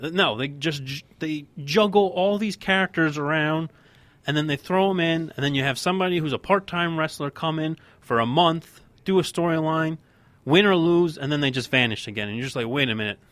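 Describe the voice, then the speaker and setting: A man's voice: fairly high pitch, brisk, a bit bright, no room sound. A man co-hosting a casual wrestling podcast, talking in a heated, emphatic rant. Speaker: podcast co-host.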